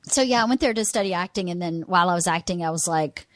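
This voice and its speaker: A woman's voice: on the low side, fast talker, no echo. A middle-aged woman from Georgia with a Southern accent, telling stories in a casual interview and acting out quoted voices. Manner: animated storyteller, acts out quoted voices. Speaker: guest. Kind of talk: casual conversation.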